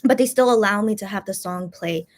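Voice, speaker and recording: A woman's voice: mid-range voice, brisk. Woman vlogger, casual rambling chat, lots of fillers, frustrated, complaining tone. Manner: rambling, many fillers and restarts. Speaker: YouTube channel host.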